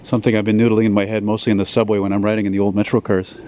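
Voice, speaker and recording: A man, dropping words now and then. He rambles and swears as he walks along a city street with a handheld camera. His voice is mellow and dark, with faint traffic behind him. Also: lowish voice, rapid-fire. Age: 40s. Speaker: vlogger. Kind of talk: rambling walk-and-talk vlog. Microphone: handheld camera while walking.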